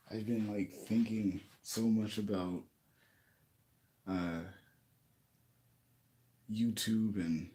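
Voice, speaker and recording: Pissed off guy ranting at his camera, cussing a lot, slow and kinda mellow low voice, keeps restarting sentences. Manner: angry, profane venting with halting restarts. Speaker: YouTuber. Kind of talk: casual vlog rant. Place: indoors in a rented home.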